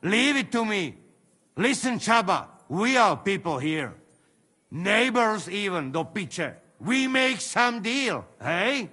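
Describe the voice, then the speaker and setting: An actor playing a crude, wheedling mercenary who speaks broken English with a Slovak accent. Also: male voice, high-pitched, big pitch swings, slow, sharp tone, big-room sound, heavily acted. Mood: bargaining. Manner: broken English, coaxing, haggling.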